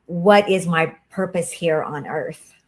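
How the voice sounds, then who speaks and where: A woman with a very low voice talks slowly during a card reading. She sounds soft and hesitant, and her sentences are full of fillers. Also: poor audio. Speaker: guest being read for. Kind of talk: casual chat.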